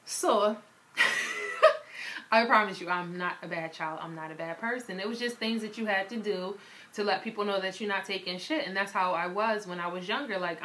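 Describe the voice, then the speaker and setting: A woman's voice: mid-range voice, moderate pace, bright, forceful tone, a little hiss or hum. A young woman from Barbados, with a Barbadian accent that drifts toward American, frankly telling stories to camera and filling her talk with "um" and "like". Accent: Barbadian, shifting toward American. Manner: frank and candid, with lots of fillers like "um" and "like". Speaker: vlogger. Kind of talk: casual storytelling to camera.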